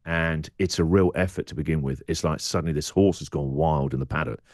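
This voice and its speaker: A man's voice: a bass voice, fairly quick, darkish tone, no echo, studio quality. A middle-aged English radio presenter speaking candidly as a podcast guest, acting out his inner voice in quoted asides.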